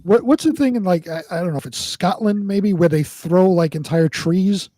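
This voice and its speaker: Man, slightly high voice, dry close sound, hesitant, filler-heavy, casual co-host. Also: normal speed, dark tone, dry recording. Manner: hesitant, many fillers and restarts, reads out lists. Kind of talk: casual live-stream chat.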